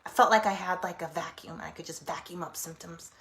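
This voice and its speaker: A middle-aged woman therapist giving a casual teaching talk, animated, acting out inner voices and laughing often. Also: fairly low pitch, fairly quick.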